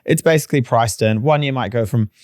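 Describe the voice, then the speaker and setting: Brief: plain-spoken New man, mid pitch, dry close sound, emphatic podcast co-host. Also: quick pace, a little mellow, no room sound. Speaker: podcast co-host, mortgage broker. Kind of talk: casual chat.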